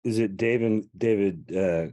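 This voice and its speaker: A man's voice: fairly low pitch, measured pace, dark tone. A man co-hosting a podcast late at night, tired, mostly answering briefly and laughing along. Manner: brief replies and backchannel laughs. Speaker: podcast co-host. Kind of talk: casual late-night chat.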